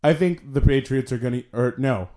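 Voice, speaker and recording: A man's voice: mid-range voice, normal speed, warm tone. A young man co-hosting a casual chat, goofy and agreeable, laughing often. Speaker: podcast co-host.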